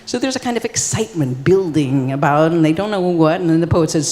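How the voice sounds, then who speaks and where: A storyteller with a deep, mellow voice recounts an ancient tale on stage at a live festival, talking fairly quickly with few pauses. Her telling is casual and rambling, full of "like" and "you know," with the long reverb of a live hall.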